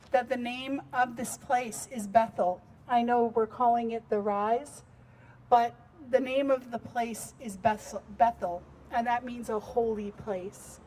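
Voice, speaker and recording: A middle-aged Canadian woman speaking into a handheld mic outdoors, her voice sitting a little high. She talks earnestly and from the heart, as a grieving mother addressing a gathering, with faint noise behind her. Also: darkish tone, low-quality recording. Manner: heartfelt, earnest, tells a family story. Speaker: bereaved mother speaking at a memorial unveiling. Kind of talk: public remembrance speech. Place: outdoors at a public memorial site. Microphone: handheld microphone.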